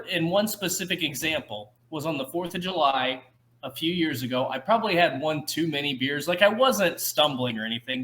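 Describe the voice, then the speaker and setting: Bright, high-voiced young man telling stories. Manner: animated storyteller, laughs and breaks into a put-on voice. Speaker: podcast co-host. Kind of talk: casual chat.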